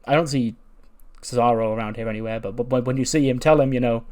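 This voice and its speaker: A man's voice: medium pitch, fairly even intonation, quick pace, a little mellow, lightly acted. A man voicing a cocky male wrestler who boasts with lots of fillers.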